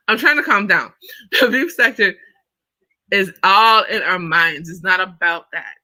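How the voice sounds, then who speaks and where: A woman hosting a livestream, ranting in an irritated, profane, confrontational way at a fast and emphatic pace. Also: medium pitch, pushed and bright, no echo, low-quality recording. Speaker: livestream host. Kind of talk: livestream commentary rant.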